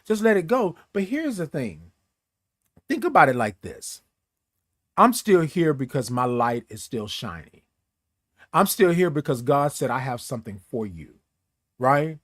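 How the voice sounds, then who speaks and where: A man's voice: a little high, very animated, measured pace, long pauses, no echo, studio quality. A man hosting a motivational live stream, talking in a preachy way, repeating his phrases and greeting viewers in the chat. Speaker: host.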